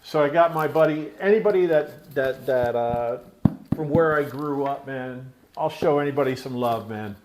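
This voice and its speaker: A man's voice: mid-range voice, moderate pace, noisy background. Loose, profane man unboxing on camera. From Pennsylvania. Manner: loose and profane, rambling asides; scolds his pet mid-talk. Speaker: tattoo channel host. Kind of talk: casual unboxing vlog.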